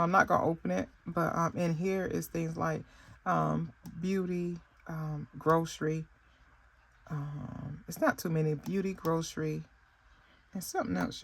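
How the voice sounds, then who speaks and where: A woman casually talking viewers through her saving binders, rambling with many pauses and fillers and often calling them "y'all.". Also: on the low side, vocal fry, slight background noise. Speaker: budgeting vlogger. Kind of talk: casual chat while showing saving binders.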